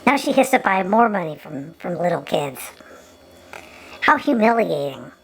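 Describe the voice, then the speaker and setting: Woman, gravelly voice, sarcastic commentary, repeats words, faint background noise. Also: fairly low pitch, very animated, normal speed, rough recording. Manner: mocking, repeats words often.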